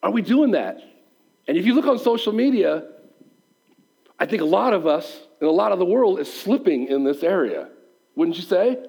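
A man's voice: high voice, normal speed, creaky, pauses often, rough recording. A male pastor preaching a sermon in a conversational way, asking his listeners questions and acting out what people might say. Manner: animated, acts out quoted voices.

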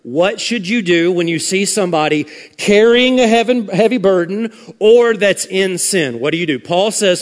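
A man preaching a sermon as pastor, emphatic and sarcastic, swinging from loud punches to hushed lines. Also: high-pitched, expressive, moderate pace, few pauses. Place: large church sanctuary. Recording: long hall reverb.

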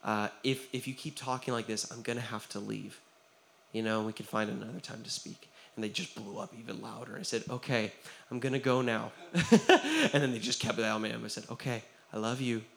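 A young man preaches a sermon as pastor, earnest and conversational, often asking "right?" and acting out quoted voices. His lowish voice stays steady in tone, moves fairly quickly, and carries vocal fry, dropping quiet for serious stories.

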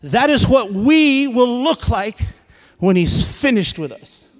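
A male pastor preaching a sermon, swinging between shouted climaxes and hushed asides. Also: very high voice, sing-song, slow. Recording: long hall reverb.

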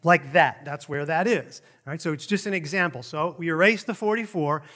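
A man's voice: fairly high pitch, a little fast. A middle-aged man preaching a sermon in a conversational way, with joking asides about himself. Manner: animated, conversational, self-deprecating asides. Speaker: pastor.

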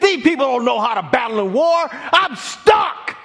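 A preacher doing Moses as a cornered adult man at the end of his rope, shouting his complaints in a high, strained voice. He is exasperated and loud, and he rushes from one grievance to the next. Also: sing-song, full character voice. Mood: frantic.

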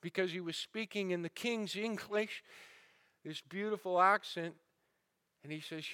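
A male pastor preaching a sermon, telling stories with swings between building intensity and a hushed, somber tone. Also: high voice, unhurried, long pauses, clean tone. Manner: dramatic storyteller, rising and falling intensity. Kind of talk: sermon storytelling. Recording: sermon audio recording.

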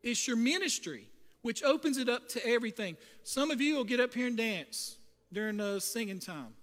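A man's voice: extremely high pitch, animated, moderate pace, fairly bright tone. A male pastor preaching to church volunteers, telling funny, folksy stories with emphatic delivery. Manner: humorous storytelling, folksy and emphatic. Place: church sanctuary. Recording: long hall reverb.

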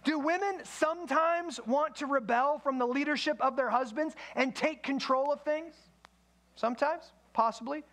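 A man's voice: very high-pitched, normal speed, a bit bright. A man preaching a sermon in a conversational way, with asides to the congregation. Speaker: pastor.

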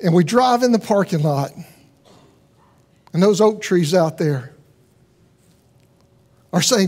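Male pastor, high-pitched, earnest conversational sermon delivery with rhetorical questions. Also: animated, takes it slowly, long pauses.

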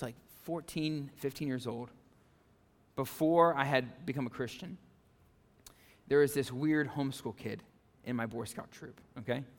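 A male pastor preaching a conversational sermon, animated, with frequent "okay?" and "right?" asides to the congregation. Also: mid-range voice, big-room sound. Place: church sanctuary.

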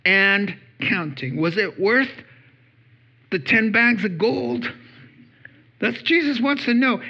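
Male pastor, husky voice, unhurried delivery, animated storyteller who acts out voices, dull lo-fi recording. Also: high-pitched. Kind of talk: sermon.

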